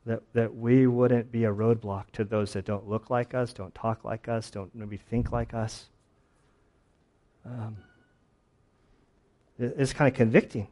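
A man's voice: medium pitch, a little mellow. A man preaching a sermon in a casual, conversational way, telling stories with lots of fillers and restarts. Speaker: pastor.

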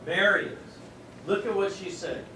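A man preaching in a big echoey hall, his high voice carrying from well back from the mic. He swings between loud, emphatic bursts and hushed, near-whispered lines, acting out the voices he quotes. Room noise hangs under every word. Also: steady tone, moderate pace. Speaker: pastor. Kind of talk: sermon. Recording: echoey hall miked from a distance, audible noise.

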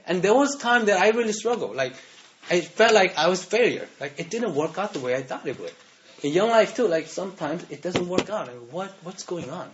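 A man's voice: high voice, expressive, fairly quick, a little hiss or hum. A man preaching a sermon as pastor, talking conversationally and often checking in with "right?". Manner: conversational, keeps asking "right?". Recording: dull lo-fi sound.

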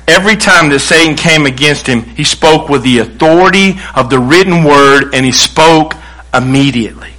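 A man preaching with a high, bright voice. He drives his points hard and slips into the voices of the people he quotes. His sermon rolls on at a quick pace. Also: poor audio. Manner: emphatic preaching, acts out quoted voices, restarts. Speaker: pastor.

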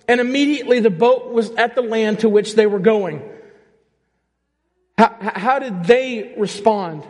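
A man with a high-pitched voice preaches a sermon to a congregation. He swings between animated, rising passages and quieter, slower stretches, often stopping to ask his listeners questions. His voice rings out with a long reverb in a church hall. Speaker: pastor.

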